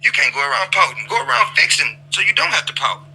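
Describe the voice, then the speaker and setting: Sharp-toned man lecturing in roleplay. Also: high voice, sing-song, quick pace, gravelly, slightly rough, rough recording. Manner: lecturing, repetitive, stammers on restarts. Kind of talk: in-character roleplay chat.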